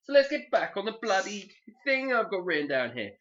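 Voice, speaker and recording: A man's voice: high-pitched, very animated, fairly quick, fairly bright tone, a little hiss or hum. A man co-hosting a casual podcast, joking and rambling as he talks and swearing freely. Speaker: podcast co-host. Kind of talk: casual chat. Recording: dull lo-fi podcast audio.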